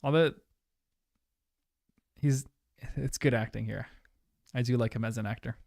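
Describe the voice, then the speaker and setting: Young guy streaming a movie watch, gravelly voice, dry close sound, gets all emotional and chatty. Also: mid-range voice, unhurried, no echo. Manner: emotional, chatty, trails off into soft asides. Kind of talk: casual live commentary.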